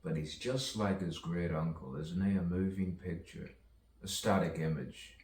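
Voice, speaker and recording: A man's voice: low voice, normal speed, darkish tone, roomy sound, recorded from a distance, a little hiss or hum. A man, a self-styled poet, delivering a rambling stream-of-consciousness monologue full of wordplay and rhymes, chuckling to himself as he goes.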